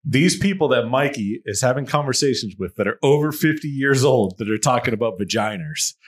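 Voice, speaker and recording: A man with a lively, swinging voice jumps into podcast banter. He giggles often and talks with animated energy. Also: mid-range voice, a little fast. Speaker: podcast co-host. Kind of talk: boozy casual chat.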